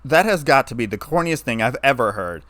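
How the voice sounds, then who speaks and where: Brief: young man, dry and sarcastic, flat tone, as the reader plays him, mid pitch, close dry sound. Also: fairly quick, dry recording, close to an everyday voice. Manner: wry, flat, turning bitter.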